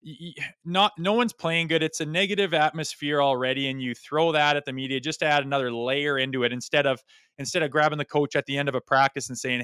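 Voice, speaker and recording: A man's voice: fairly high pitch, quick pace, a bit bright, smooth, no room sound, studio quality. A man co-hosting a casual sports podcast, talking in a blunt, opinionated way and swearing freely. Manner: self-described ornery. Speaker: podcast co-host.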